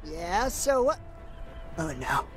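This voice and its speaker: A woman's voice: a little high, very animated, slow pace, faint music behind. A woman voicing a smug, sarcastic young swordsman hero in a comedy parody, given to grandiose speeches. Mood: sardonic.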